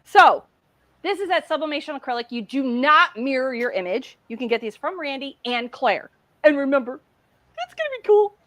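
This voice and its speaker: Chatty high-voiced woman demoing crafts. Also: normal speed, no echo. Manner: chatty, excitable, demonstrating while talking. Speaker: craft livestream host. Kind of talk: casual livestream demo.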